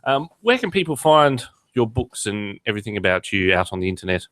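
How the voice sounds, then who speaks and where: A man's voice: on the low side, big pitch swings, fairly quick, a bit bright, no room sound. A man hosting a podcast in casual, joking chat with many fillers. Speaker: podcast host.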